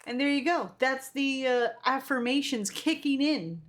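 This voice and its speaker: A woman streamer chatting casually on a live stream, reading viewer comments aloud and talking in an animated way with the odd swear. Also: high-pitched, a little slow.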